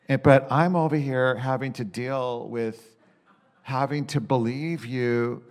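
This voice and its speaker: A man at a middle pitch, talking casually and candidly about his prayers. He wanders and restarts often. He swings between exasperated, louder bursts and low, quiet musing. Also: fairly even intonation, takes it slowly. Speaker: Christian speaker sharing a personal reflection. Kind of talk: casual spoken reflection.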